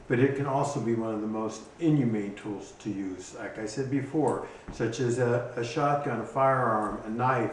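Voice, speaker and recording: A man who trains hunting dogs explains his gear in a casual instructional video, talking haltingly with frequent ums and restarts. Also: mid-range voice, a little mellow. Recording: echoey room, distant mic, faint noise.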